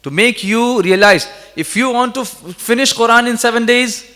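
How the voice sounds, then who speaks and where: Man preaching to a crowd, high voice, big echoey hall, keeps getting them to repeat after him. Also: normal speed, pushed and bright. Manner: coaxes the audience to repeat, rises into fervent emphasis. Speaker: Quran reciter and teacher. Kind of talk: interactive religious talk with recitation. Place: large hall at a religious gathering. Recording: reverberant hall.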